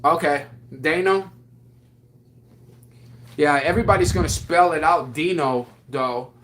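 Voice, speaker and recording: A man on a casual livestream who reads viewer comments aloud and chats in an excitable, slangy way full of restarts. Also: on the high side, moderate pace. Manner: drawling slang with frequent restarts.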